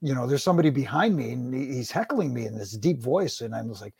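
A man telling animated stories in a casual podcast chat about wrestling. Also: medium pitch, fast, creaky, slightly rough, no room sound, studio quality. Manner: storytelling, animated anecdotes with acted quotes.

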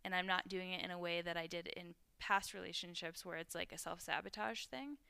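A woman with a low, gravelly yet smooth voice speaks in a reflective, openly vulnerable way. Her talk is loose and peppered with "like," and she is recorded close and dry. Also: fairly even intonation, fairly quick, bright, forceful tone, no echo. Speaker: podcast guest. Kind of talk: candid conversation among friends.

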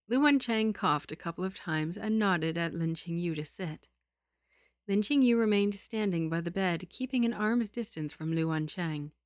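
Woman reading a novel aloud, lowish and dry. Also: dry recording. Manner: giggly, self-deprecating chatter between readings. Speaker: story reader and streamer.

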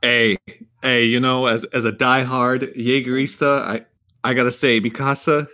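A man on a casual podcast panel, animated and playful, slipping into voices as he retells scenes. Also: mid-range voice, normal speed. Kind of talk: casual group chat.

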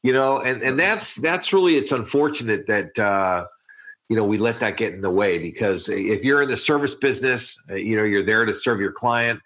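A man's voice: on the low side, normal speed, a bit bright. A man hosting a podcast interview, asking questions hesitantly and often restarting his phrases. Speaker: podcast host.

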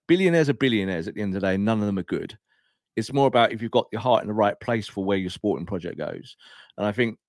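A man co-hosting a football podcast, talking in an animated, emphatic and opinionated way, with quick asides. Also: lowish voice, no room sound, studio quality. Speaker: podcast co-host.

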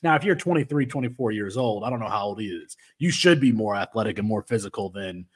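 A man's voice: lowish voice, expressive, quick pace. A man hosting a sports podcast in casual chat, rambling with many restarts. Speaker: podcast host.

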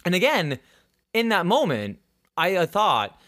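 Young male podcast host, casual and profane, lively pitch. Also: a little slow. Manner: animated, acts out quoted voices, swears freely. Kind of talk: casual storytelling chat.

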